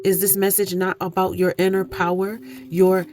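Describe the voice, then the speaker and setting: A woman's voice: medium pitch, flat delivery, moderate pace, a little mellow. A woman giving an oracle card reading, earnest and preachy, repeating phrases for emphasis. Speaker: spiritual card reader. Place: indoor room, candles lit.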